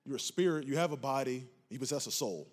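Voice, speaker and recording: A man's voice: mid-range voice, expressive, fast talker. A man preaching a passionate sermon as pastor, asking the congregation if they are with him and rising to emphatic peaks. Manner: impassioned preaching with call-and-response asides.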